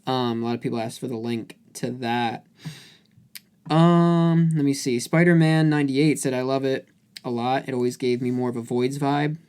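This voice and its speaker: A man co-hosting a music podcast in relaxed chat. He rambles, piles on fillers and restarts his sentences, and he speaks at an ordinary middle pitch. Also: normal speed, clear, resonant tone. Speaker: podcast co-host.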